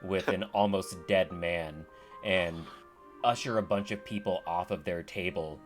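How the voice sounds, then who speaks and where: A man narrating a tabletop game as game master, relaxed and joking, with plenty of ums and uhs. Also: sits low, a little slow, faint music behind. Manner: relaxed, joking, with many fillers.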